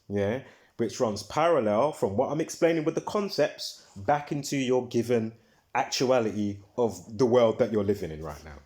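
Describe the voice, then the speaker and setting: Here the host's mid-range, darkish voice moves at an ordinary speed with animated intonation. It's a casual, meandering video monologue, heavy on fillers and repetition, with frequent restarts and swearing in heated moments.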